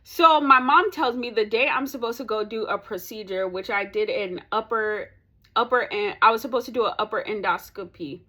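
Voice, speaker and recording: A young woman vlogger telling a story in casual chat, animated and ranting, laughing between lines. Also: fairly high pitch, normal speed.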